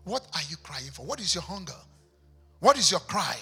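Raspy, fiery male preacher. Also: high-pitched, big pitch swings, normal speed, sharp tone, faint music behind. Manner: impassioned preaching with rhetorical questions. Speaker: pastor. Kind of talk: sermon. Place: church.

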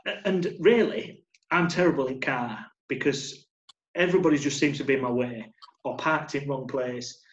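A man's voice: medium pitch, moderate pace, slight background noise. A man in casual chat, reflective and wry. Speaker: podcast co-host. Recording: roomy, dull-sounding mic.

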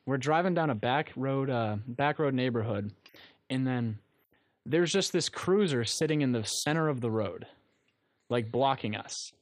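A man's voice: medium pitch, animated, unhurried, no echo. A young man telling a rambling story on a casual talk show, often laughing at his own tale. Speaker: guest storyteller.

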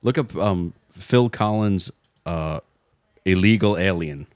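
Low-voiced man cracking jokes. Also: a little mellow, dry recording, clean studio sound. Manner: jokey, quick with puns and wisecracks. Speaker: podcast co-host. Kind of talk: casual chat.

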